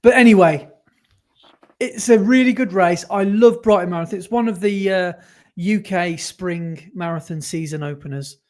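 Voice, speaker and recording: A man's voice: high voice, normal speed. A man co-hosting a running podcast in casual chat, upbeat and chatty, with lots of fillers while reading listener messages.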